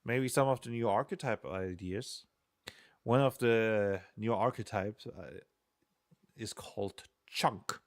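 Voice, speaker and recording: Rambling low-voiced man coding on stream. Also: slow, no room sound, clean studio sound. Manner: rambling, self-deprecating, chuckles often. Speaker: game designer streaming programming. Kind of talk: casual live-stream chatter while coding.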